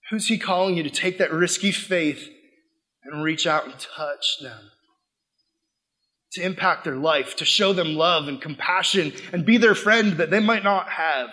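A young man preaching a sermon as pastor, animated, swinging from loud acted-out quotes to quiet, earnest asides. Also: on the high side, moderate pace.

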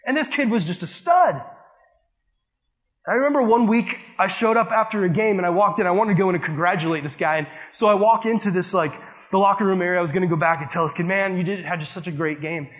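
A man with a notably high voice preaches to a church group. He talks in a loose, conversational way, filling his lines with "like" as he tells stories. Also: fast talker, a bit bright. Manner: casual, conversational, heavy use of "like". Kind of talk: sermon with storytelling.

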